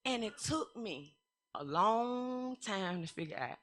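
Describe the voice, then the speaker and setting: A woman in her thirties giving a personal testimony at church, candid and humorous, moving from quiet reflection to loud, animated stretches. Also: lowish voice, moderate pace.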